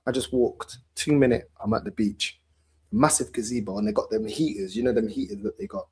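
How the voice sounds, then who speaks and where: A man's voice: lowish voice, brisk, breathy edge, no echo, low-quality recording. A man hosting a live stream, telling stories in a laid-back chatty way with London slang. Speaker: channel host. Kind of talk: casual chat on a live stream.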